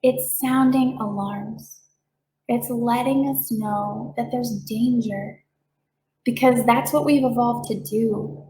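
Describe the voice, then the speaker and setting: A woman giving a calm, reassuring talk as a reiki practitioner, with playful voiced asides. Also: fairly high pitch, slow pace, reverberant, poor audio. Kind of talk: gentle explanatory talk.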